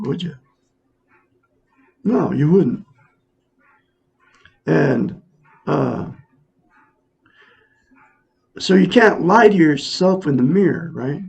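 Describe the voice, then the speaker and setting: A man with a gravelly, slightly husky voice, sitting somewhat high for a man, gives a casual self-help talk. He speaks earnestly and circles back over the same points, pressing them on his viewers. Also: darkish tone. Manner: earnest, repetitive, addresses viewers as folks. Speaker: self-help video host. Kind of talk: casual monologue to camera.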